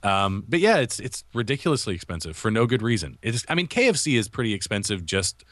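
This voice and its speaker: A young man chatting on a podcast in a somewhat low voice. He rambles, restarting and correcting himself as he goes. The sound is dry and close, with no room echo. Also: sing-song, fast, fairly bright tone. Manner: rambling, self-correcting storyteller. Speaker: podcast co-host. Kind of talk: casual chat. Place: living in Japan.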